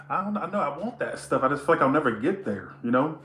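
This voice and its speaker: A man's voice: on the high side, big pitch swings, fast, a bit bright, roomy sound, slight background noise. A man giving a casual tarot reading to camera, blunt, teasing and full of profanity. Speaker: tarot reader.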